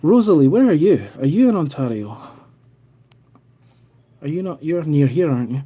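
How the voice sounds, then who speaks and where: A man's voice: on the high side, animated, moderate pace, long pauses, warm tone, husky. A Scottish man in his thirties, hosting a casual live stream from home and chatting as he reads out viewer comments. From Scotland. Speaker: livestream host. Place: home in Canada.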